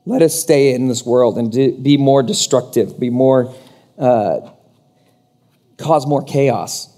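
A preacher putting on the voice of a menacing male demon horde, speaking low and drawn out. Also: slow pace, warm tone, close to an everyday voice. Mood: pleading.

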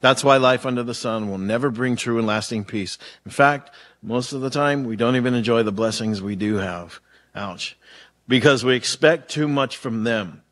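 A man's voice: mid-range voice, normal speed, hardly any pauses, fairly bright tone. A middle-aged male pastor preaching in a casual, conversational way, telling stories with slang and lots of fillers. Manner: chatty storytelling with slang and many fillers.

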